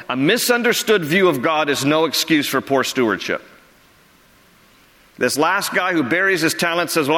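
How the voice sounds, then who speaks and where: A man preaching a sermon as pastor, earnest and conversational, dropping low for emphasis. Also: a bit bright, long reverb tail.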